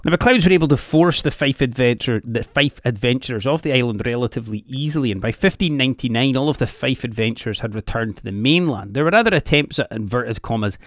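A man's voice: medium pitch, lively intonation, fast talker, few pauses, no echo, studio quality. A Scottish man narrating history sardonically, full of sweary, sarcastic asides. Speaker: comedic history presenter.

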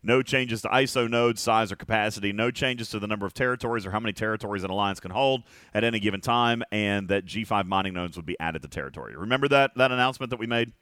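A man's voice: on the low side, fast talker, hardly any pauses, a bit bright, no room sound, clean studio sound. A middle-aged man hosting a casual podcast chat, talkative, laughing often, stretching out words for emphasis. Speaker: podcast host.

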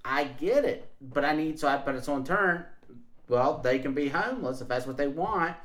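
A man's voice: on the high side, expressive, moderate pace, a bit bright, reverberant. A man talking bluntly in a casual conversation, rambling and restarting his sentences.

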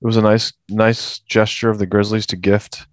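A man co-hosting a casual basketball podcast, giving news in a measured, analytical way. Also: fairly low pitch, flat delivery, dry recording. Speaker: podcast co-host, news segment.

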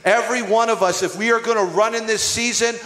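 In a church hall, a pastor preaches a sermon with a high-pitched, fairly bright voice, holding a steady tone at a quick pace. He is emphatic and calls out to his congregation. The hall is echoey, with music playing behind him.

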